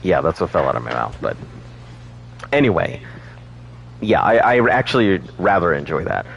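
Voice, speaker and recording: A man's voice: low voice, sing-song, moderate pace, gravelly, dull audio, slight background noise. A man streaming a game, chatting casually and rambling, laughing often. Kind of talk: casual gaming chat.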